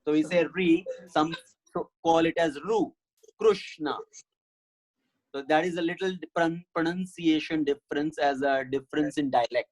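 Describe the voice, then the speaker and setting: A man's voice: on the high side, flat delivery, a little fast, rough recording. A man teaching a Sanskrit class online, patiently explaining step by step and answering questions.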